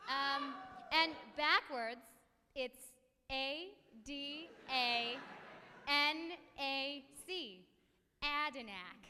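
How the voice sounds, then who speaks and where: Slow, rambling young woman on a hall stage. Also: sits high, bright, forceful tone, slight background noise. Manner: rambling, hesitant, with many ums. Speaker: emcee at a college a cappella concert. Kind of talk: comic stage banter. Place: concert hall with a live audience.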